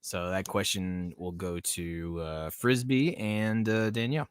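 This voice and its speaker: A man's voice: deep voice, unhurried, smooth, no echo, clean studio sound. A man from the American South hosting a casual live podcast stream, rambling, laughing often and reading chat comments aloud. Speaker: podcast host.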